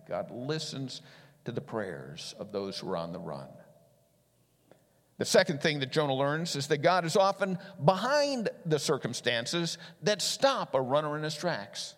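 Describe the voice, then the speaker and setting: A middle-aged man preaching a sermon as a pastor, animated and swinging between loud emphatic lines and quiet ones. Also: a little high, unhurried. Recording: long hall reverb.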